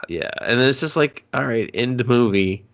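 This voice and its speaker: Gravelly, sarcastic Canadian man. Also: mid-range voice, expressive. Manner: sarcastic, swearing, acts out characters in quick asides. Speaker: podcast co-host. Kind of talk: casual movie review chat.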